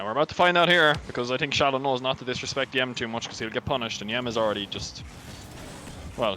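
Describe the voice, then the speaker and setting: A man's voice: fairly low pitch, bright, forceful tone. A man with an Irish accent giving chatty color commentary and analysis on an esports match. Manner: rapid, chatty analysis with fillers. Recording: noisy background.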